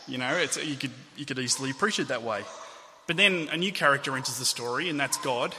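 A man's voice: mid-range voice, a little fast, pushed and bright, slight background noise. Man preaching in a reverberant hall. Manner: conversational, asides and self-corrections. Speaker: pastor. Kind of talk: sermon.

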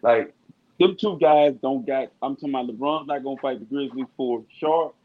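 A man co-hosting a casual sports podcast, talking in an animated way and jumping in over the others. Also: medium pitch, normal speed, narrow, tinny audio. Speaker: podcast co-host.

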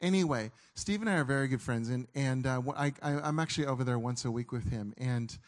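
A middle-aged man preaching a sermon, telling a story in an earnest way that halts and restarts often. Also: mid-range voice. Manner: earnest, halting, with frequent restarts.

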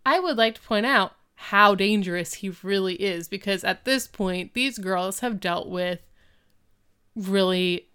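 Chatty woman recapping a show with her cohost, smooth clean voice. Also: mid-range voice, measured pace. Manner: chatty, animated storytelling. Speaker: podcast co-host. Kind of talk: casual chat recapping a reality show.

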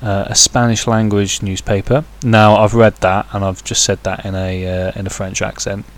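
Rambling through a casual solo podcast, a man speaks in a fairly low, flat voice at a moderate pace, often hesitating and dropping crude, joking asides.

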